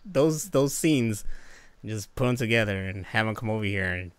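A man hosting a casual chat, laughing easily and trailing off quietly at the ends of thoughts. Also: lowish voice, animated, normal speed, clean tone, no room sound.

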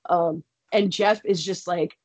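A young woman talks casually on a podcast, swearing freely and breaking into laughs as she tells her story. Her voice is husky and slightly breathy. It is recorded close and dry, with no room sound. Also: on the low side, steady tone, slow, a little mellow, no room sound. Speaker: podcast guest, wrestler.

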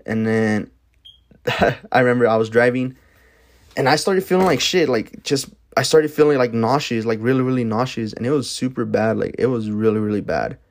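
A man's voice: medium pitch, normal speed. A young man from the Denver area telling his own story in a loose, casual way, full of "like" and swearing. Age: young adult. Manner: rambling, fills with "like", swears freely. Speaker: podcast host.

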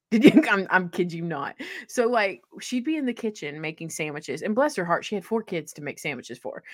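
A woman's voice: lowish voice, no echo, studio quality. A middle-aged woman co-hosting a faith podcast, chatting animatedly and laughing often. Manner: animated, laughs often, acts out quoted voices. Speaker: podcast co-host. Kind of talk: casual chat.

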